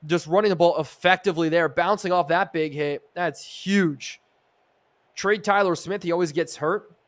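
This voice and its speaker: A man streaming a football video game live, calling each play in an energetic sportscaster style. His voice sits a little higher than most men's, and he breaks off to thank and chat with his viewers. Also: normal speed. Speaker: streamer and host.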